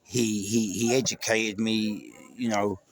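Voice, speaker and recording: A man's voice: on the low side, fairly even intonation, slow pace, creaky. A middle-aged man with a London accent, speaking an emotional, rambling tribute to camera with many restarts. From England. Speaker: vlogger. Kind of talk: casual tribute monologue.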